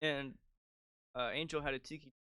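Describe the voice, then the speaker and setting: A young man co-hosting a podcast in casual chat, giggly and quick to laugh. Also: a little high, fairly even intonation, bright, forceful tone, clean tone, no room sound. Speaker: podcast co-host.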